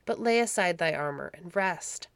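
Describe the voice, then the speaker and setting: A woman reading aloud, voicing a gentle, patient old abbot in a storybook. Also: fairly low pitch, lively intonation, normal speed, no room sound. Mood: gentle, pleading.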